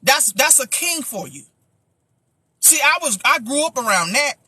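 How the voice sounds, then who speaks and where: A woman pastor telling a story in a lively, chatty way on a livestream, with sound effects and preachy asides. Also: high voice, unhurried, dry recording.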